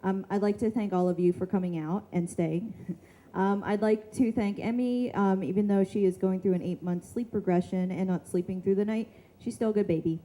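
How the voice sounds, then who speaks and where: Woman host, mid-pitched, mellow tone, casual and halting delivery of thank-yous at a reading event. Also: steady tone, poor audio. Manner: casual, halting, many ums, light laughs. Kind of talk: closing announcements. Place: small shop venue with a live audience.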